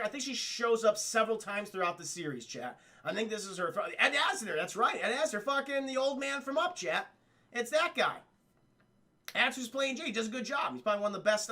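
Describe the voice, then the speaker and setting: A man's voice: sits high, pushed and bright. A young man streaming a casual cartoon recap, rambling and swearing as he talks to his chat. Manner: rambling, profane, addresses chat.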